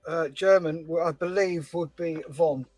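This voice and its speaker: High-voiced chatty man. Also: unhurried, dry recording, soft background music, rough recording. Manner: chatty storyteller, animated voices in anecdotes. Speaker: scale-model livestream host. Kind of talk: casual chat while building a model.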